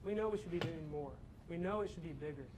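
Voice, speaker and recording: This is a young man with a fairly high voice, speaking to students as a campus ministry speaker. He tells a story with lots of energy and acts out the characters as he goes. There is a faint noise in the background of the recording. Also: fast. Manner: animated storyteller, acts out his own shouting. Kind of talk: storytelling talk to a student audience.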